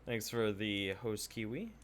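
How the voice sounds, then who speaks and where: Lively man streaming a game. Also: on the low side, unhurried, a little hiss or hum. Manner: rambling, swears freely, chats with viewers. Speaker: Twitch streamer. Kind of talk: casual live gameplay commentary.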